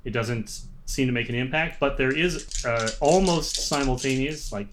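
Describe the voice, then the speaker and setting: Guy gm describing the action, mid pitch, lots of ums and uhs. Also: normal speed, background noise. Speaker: game master. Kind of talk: narrating a tabletop game.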